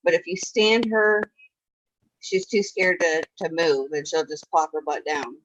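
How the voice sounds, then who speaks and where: A woman's voice: low-pitched, a little slow, no room sound. Chatty woman host on a muffled line. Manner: chatty, swears freely. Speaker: stream host. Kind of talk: casual chat. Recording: muffled with faint noise.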